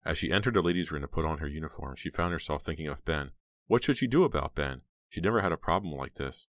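A man narrating a horror audiobook in a measured, dramatic way. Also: extremely low pitch, a bit bright, no echo. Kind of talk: scripted narration.

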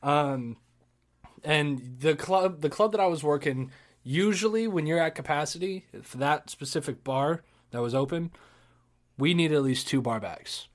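A young man tells a story in casual podcast chat, animated and unhurried, swearing, laughing, and acting out his own shouts. His voice is on the high side.

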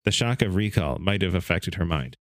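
Animated and fairly quick, a man with a low-sitting voice reads a story aloud for his casual podcast, with no room sound. He stumbles on some words but laughs them off and keeps a steady reading.

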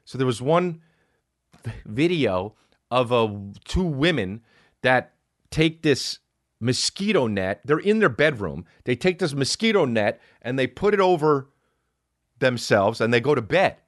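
A man hosting a podcast, rambling in a profane casual monologue and jumping into loud, high-pitched outbursts. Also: very animated, a little slow, no room sound, studio quality. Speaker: podcast host.

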